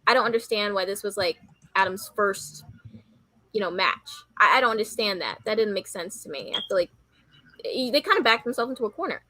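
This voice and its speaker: A woman co-hosting a casual review chat, giving blunt, dismissive opinions in halting speech. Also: medium pitch, lively intonation, sharp tone, no room sound, low-quality recording.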